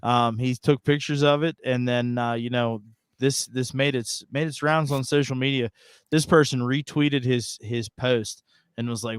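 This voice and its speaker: A man's voice: mid-range voice, unhurried, smooth, dry recording. A man co-hosting a casual podcast, rambling and sarcastic in his delivery. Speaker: podcast co-host. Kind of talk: casual chat.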